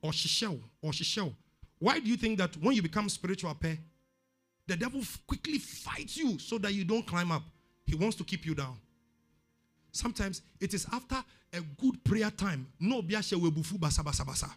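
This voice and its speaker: Ghanaian pastor, high bright voice, emphatic repetitive preaching, soft music under. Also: male voice, lively intonation, normal speed. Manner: emphatic preaching, repeats words for stress. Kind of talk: sermon.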